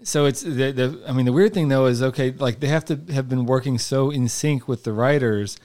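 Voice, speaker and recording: A man's voice: mid-range voice, brisk, darkish tone. A man co-hosting a podcast in casual chat, rambling, laughing often and acting out silly made-up scenes. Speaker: podcast co-host.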